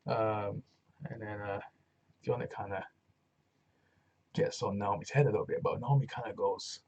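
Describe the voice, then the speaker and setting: Gravelly-voiced man reviewing a wrestling show. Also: lowish voice, normal speed, long pauses, highs cut off. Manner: rambling, animated retelling with acted quotes and laughs. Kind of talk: casual solo show review.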